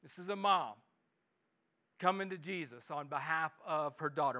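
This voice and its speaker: A man with a Midwestern American accent preaching an earnest sermon at a church service, repeating words and rising to loud pleas. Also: on the high side, moderate pace, pauses often. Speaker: pastor.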